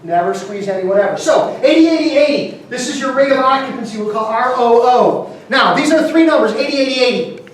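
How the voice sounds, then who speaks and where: A man's voice: very high voice, lively intonation, brisk. A man giving an emphatic motivational seminar talk, repeating key numbers and quizzing his audience. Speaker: business seminar speaker. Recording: very echoey room, mic far off, faint noise.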